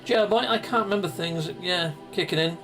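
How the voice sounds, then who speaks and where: A man's voice: high-pitched, brisk, sharp tone, faint music behind. A man giving chatty, playful live commentary on his gameplay and greeting viewers, with goofy exclamations. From United Kingdom. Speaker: gaming live streamer.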